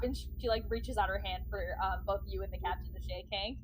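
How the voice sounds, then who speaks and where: A woman's voice: mid-range voice, fast, a little hiss or hum, rough recording. A woman narrating as game master, chatty and giggly, with many fillers.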